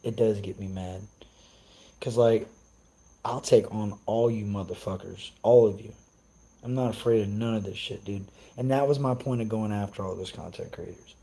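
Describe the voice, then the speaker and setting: A man's voice: lowish voice, moderate pace, vocal fry, warm tone, rough recording. A young man on a casual live stream, ranting brashly and cursing as he answers his chat. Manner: profane, brash, trash-talking.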